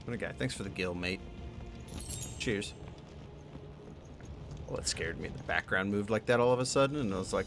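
A young man in a let's play, talking through the game, excitable, swearing and thinking out loud. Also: fairly low pitch, normal speed, pauses often, over music. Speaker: gaming YouTuber.

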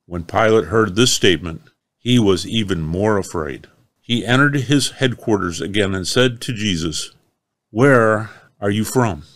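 A man reading a chapter of the Bible aloud, slow, measured and solemn. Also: on the low side, animated, a bit bright, no echo. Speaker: scripture reader.

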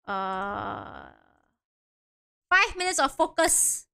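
Young woman streamer, giggly and sorry-sorry-sorry, high bright voice bouncing all over. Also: lively intonation, normal speed. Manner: giggly, apologetic, scattered. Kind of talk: casual game-stream chatter.

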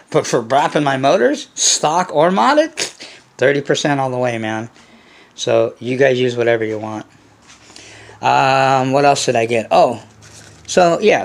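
Gravelly, profane man rambling over an unboxing. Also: medium pitch. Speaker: hobby channel host. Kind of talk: casual unboxing vlog.

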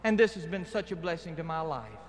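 A man's voice: a little high, brisk, big-room sound, a little hiss or hum. A man with a Southern accent giving a plain-spoken, earnest personal testimony from a stadium stage, in an old archival live recording. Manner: earnest, plain-spoken, steady preaching cadence. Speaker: guest speaker giving testimony. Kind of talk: evangelistic testimony speech. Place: outdoor stadium rally.

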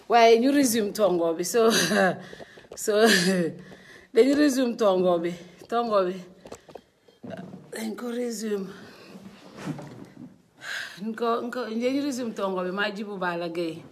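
Woman hosting a live stream: loose, chatty, quick to laugh, greets viewers by name. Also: medium pitch, a little hiss or hum. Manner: chatty, laughing, reads out viewer names, switches between languages. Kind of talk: casual live stream chat. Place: indoor studio.

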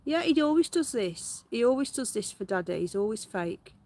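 A woman's voice: fairly high pitch, big pitch swings, moderate pace, a little mellow. A woman hosting a live stream from her garden, chatting casually, greeting viewers by name and calling out to her pets. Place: garden outdoors.

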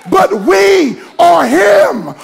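A man delivers a sermon in a high, gravelly, husky voice, drawing his words out slowly. He calls on the congregation to respond, and they can be faintly heard in the church. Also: big pitch swings, a faint crowd. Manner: builds from hushed teaching to shouted preaching. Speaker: preacher.

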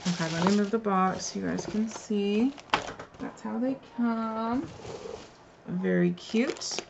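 Woman, mid-pitched and gravelly, chatty craft unboxing host, slightly dull recording. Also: takes it slowly, noisy background. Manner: chatty, gushing, mutters asides while handling pieces. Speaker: crafter revealing a card swap. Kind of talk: casual craft unboxing vlog.

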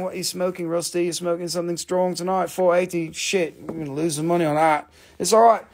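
On a live stream selling rocks, a man jokes around, swears, and talks to himself. His voice is high-pitched and gravelly, with a slightly mellow quality.

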